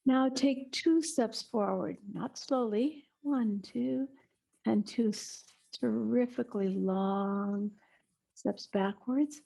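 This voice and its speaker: A middle-aged woman guides a movement lesson in a small room, unhurried and soothing. Her voice is mellow and dark, with a gravelly edge. Now and then she drops into soft breathy asides. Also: on the high side. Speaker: eurythmy teacher.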